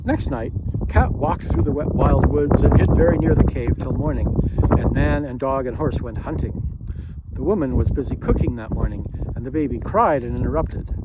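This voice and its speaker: A man's voice: medium pitch, normal speed. Man reading a children's story. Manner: rhythmic, lilting storytelling. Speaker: narrator. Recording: hissy home recording.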